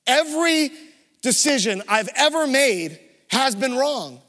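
A gloomy, self-pitying balding man whines that nothing in his life goes right, as a preacher acts him out. The voice is high and bright. A long echo from a large hall hangs behind it. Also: very animated, measured pace, full character voice.

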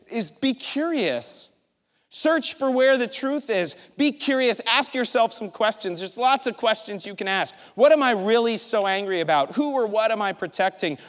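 A middle-aged man preaching a sermon, animated and storytelling, acting out his own thoughts. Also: high voice. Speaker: pastor. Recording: large hall reverb.

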